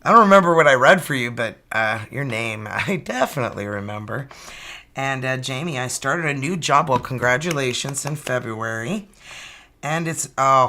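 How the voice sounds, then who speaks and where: Bright-voiced woman reading tarot. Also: a bass voice, expressive, moderate pace. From Canada. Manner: chatty, upbeat, jokey. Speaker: tarot reader. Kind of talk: live-stream tarot reading.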